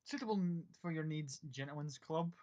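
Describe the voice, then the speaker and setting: A man narrating as game master of a tabletop game in a relaxed, descriptive way. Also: a little high, a little fast. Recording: dull lo-fi sound.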